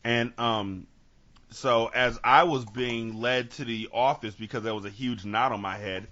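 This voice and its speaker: A man from Sacramento hosting a podcast, telling stories with lively acted-out quotes and casual swearing, on dull lo-fi audio. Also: mid-range voice, measured pace. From Sacramento, California. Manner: animated storytelling, acts out quotes, swears freely. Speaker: podcast host. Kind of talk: casual chat.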